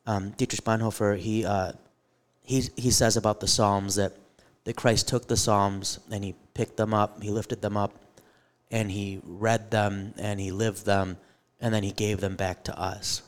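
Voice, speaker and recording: Speaking a little slowly with a flat delivery and a clean, lowish tone, this man co-hosts a live podcast in front of an audience. He teaches theology and tells animated stories full of self-deprecating jokes.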